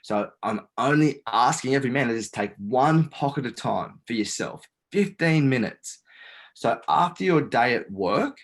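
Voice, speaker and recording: A man's voice: medium pitch, animated, moderate pace, rough recording. A man guest speaking in an interview, an earnest coach who swears casually as he guides and explains. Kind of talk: guiding a breathing exercise and talking in an interview.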